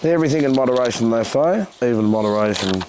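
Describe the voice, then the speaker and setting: A man's voice: medium pitch, expressive, noisy background. A middle-aged Australian man from Western Australia reads his own poetry, with blunt, crude asides between poems. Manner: slow, deliberate recitation with blunt, crude asides. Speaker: poet. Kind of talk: poetry reading with spoken asides.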